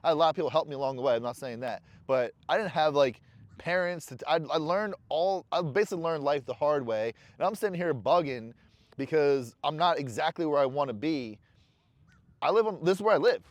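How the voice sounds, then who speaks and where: A man's voice: fairly high pitch, brisk, dry recording, highs cut off. A man in a casual motivational vlog, talking to camera bluntly and with profanity, candid and rambling while smoking a cigar. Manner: blunt, profane self-talk. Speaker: vlogger.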